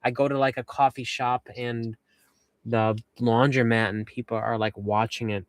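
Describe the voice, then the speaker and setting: Chatting casually on a livestream from his camper van, the young western Massachusetts host reads viewer comments in an upbeat, meandering manner. He speaks at a moderate pace in a level, medium-pitched tone, and there's no room sound.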